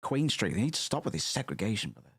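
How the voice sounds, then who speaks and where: A man streaming casually and reacting to music, rambling and excitable, with frequent swearing. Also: lowish voice, fast.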